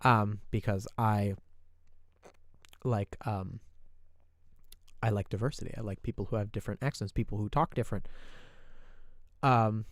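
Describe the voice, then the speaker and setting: A man's voice: lowish voice, fairly even intonation, unhurried, long pauses, no echo, clean studio sound. A man chatting casually on a stream, thinking aloud with many fillers and restarts, with a slight New York accent. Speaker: YouTuber reviewing creator posts on stream. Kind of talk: casual livestream commentary.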